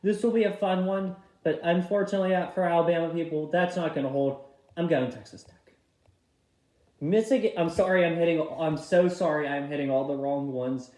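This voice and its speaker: A young man with a fairly high voice talks through his bracket picks in a casual, chatty way. He moves quickly from game to game and keeps apologizing for tapping the wrong teams. The room around him sounds echoey. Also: a little mellow. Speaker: vlogger filling out a tournament bracket. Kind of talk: casual bracket-pick commentary.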